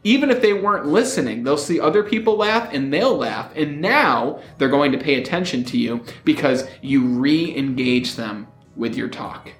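A man coaching public speaking in an energetic, upbeat teaching style, often lifting his sentences at the end. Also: medium pitch, normal speed, few pauses, reverberant, soft background music. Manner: energetic, rising upbeat intonation. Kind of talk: upbeat motivational teaching to camera.

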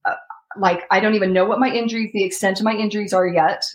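A young woman speaks as a guest, telling a hard personal story with earnest feeling. Her voice sits in a middle register and now and then breaks into quick, pressing runs of words. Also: medium pitch, fairly even intonation. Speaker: interview guest. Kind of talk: emotional storytelling.

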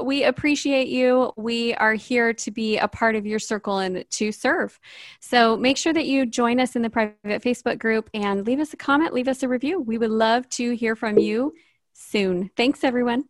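A woman hosting a podcast, speaking in an earnest, measured way as she reflects and thanks her guest and listeners. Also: a little high, no room sound, studio quality. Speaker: podcast host. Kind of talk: casual podcast conversation.

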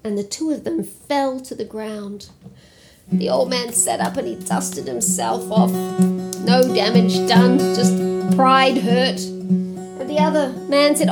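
A woman telling a children's folk tale in a lively, expressive way, sometimes slipping into a sing-song lilt. Her voice sits a little higher than most women's, with guitar music playing clearly behind her. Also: slow pace. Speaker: storyteller. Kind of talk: storytelling for children.

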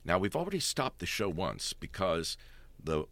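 A middle-aged stage actor telling backstage stories in casual chat, animated and often laughing. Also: male voice, low-pitched, moderate pace, dry recording.

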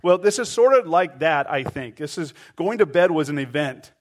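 Animated middle-aged male pastor preaching. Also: fairly high pitch, moderate pace. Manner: animated storytelling, acts out voices. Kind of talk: sermon.

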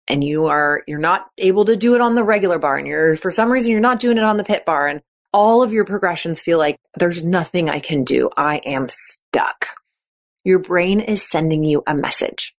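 A woman's voice: on the low side, animated, moderate pace. A woman coaching on a podcast, talking in an encouraging, chatty way and acting out quoted thoughts. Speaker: gymnastics coach and podcast host. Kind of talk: podcast monologue.

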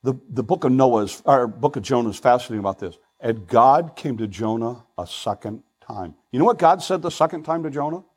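An older man preaching a sermon as pastor, earnest and pleading, swinging between loud emphasis and hushed asides. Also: mid-range voice, lively intonation, fairly quick, few pauses, breathy edge, rough recording.

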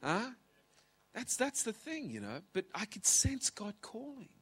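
High-pitched and a bit bright, with huge swings in pitch, this man in his fifties delivers a tearful, emotional sermon as a pastor. He pauses dramatically and falls to whispers in a large auditorium; the sound is slightly rough.

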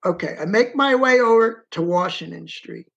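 A man being interviewed as an eyewitness. He tells his story in dramatic first person, with emphasis, and pauses to direct someone moving a map on screen. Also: high voice, expressive, creaky, fairly bright tone, dull audio.

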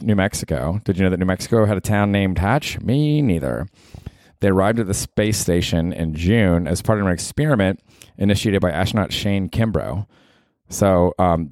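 Podcast host, man, 40s, deep voice, rambling and candid, dry close mic. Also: a little mellow, no echo. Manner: candid, rambling, swears freely and talks to himself. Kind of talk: solo podcast monologue.

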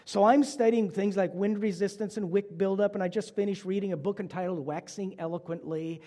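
A fussy talking candle from a sermon story, full of earnest excuses about needing more preparation before it will shine, as a preacher puts him on. The voice is high and mellow. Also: male voice, steady tone, fairly quick, natural voice. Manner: earnest, self-justifying excuses.

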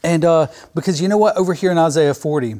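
A man's voice: on the high side, fast, mellow. A man preaching a fervent sermon on his podcast, speaking straight to the listener. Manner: fervent, emphatic, addresses listener as "my friend".

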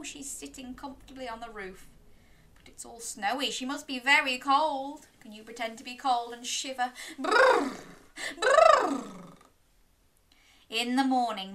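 A woman's voice: a little high, bright, forceful tone. A young woman reading a children's story aloud, sing-song and encouraging, gasping and inviting little listeners to join in.

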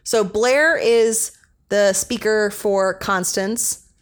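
A woman's voice: medium pitch, drawn-out words. A young woman co-hosting a podcast, chatting casually and rambling with lots of fillers as she recaps an episode. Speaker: podcast co-host.

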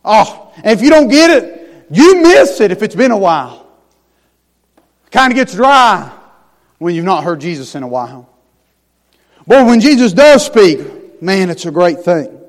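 Man, pastor, sermon, high voice, folksy phrasing, hushed then loud emphasis, long hall echo. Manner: swings between hushed tender lines and loud rising emphasis. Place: church sanctuary.

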